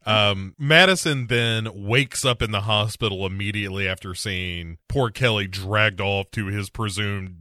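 A man's voice: lowish voice, no echo, studio quality. A man co-hosting a comedy podcast, playfully riffing while recapping a movie. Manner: animated, playful, quick to riff. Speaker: podcast co-host.

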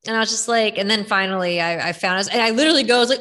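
A young woman chatting casually, telling animated stories with lots of fillers. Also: fairly high pitch, fast talker, few pauses. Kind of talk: casual chat.

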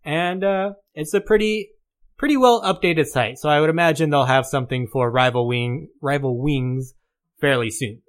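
A man's voice: on the high side, normal speed. A man co-hosting a live-streamed podcast in casual chat, joking and trading wisecracks. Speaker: podcast co-host.

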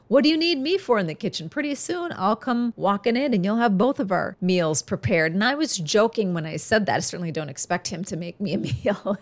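A woman hosting a podcast, talking earnestly and encouragingly to her listeners as if to a friend. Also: mid-range voice. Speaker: podcast host. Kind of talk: heartfelt podcast monologue.

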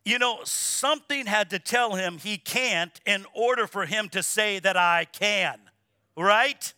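Bright-voiced man preaching emphatically. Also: high voice, slow pace, smooth, no room sound, studio quality. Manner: emphatic preaching, repeats words, asks congregation to respond. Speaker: pastor. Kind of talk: sermon. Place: church sanctuary.

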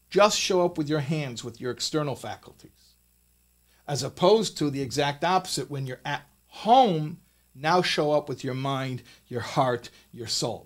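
Animated, emphatic man teaching Torah. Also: fairly high pitch. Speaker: rabbi teaching a Torah lesson. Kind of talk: recorded Torah talk with a closing blessing. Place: studio.

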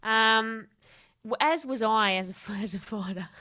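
A woman's voice: fairly high pitch, a little slow. A woman, a podcast guest and coach, telling candid stories in a casual interview and swearing freely. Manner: lively, candid storyteller who swears freely and laughs often.

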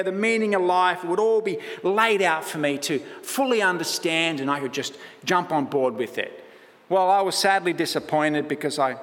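Aussie male pastor, slightly high voice, joking sermon, echo of a big church hall. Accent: Australian. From Australia. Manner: chatty, self-deprecating, lively asides.

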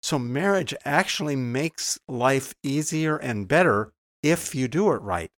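A male podcast guest gives advice in a measured, steady way. His voice sits mid-range and sounds dry and close to the mic. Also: mid-range voice, dry recording. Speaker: podcast guest, married co-author. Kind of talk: podcast conversation.

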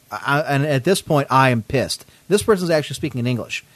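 Man, podcast host, indignant storytelling, lively pitch, dry close sound. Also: brisk, few pauses, no echo. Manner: animated, indignant, swears often. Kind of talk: casual storytelling.

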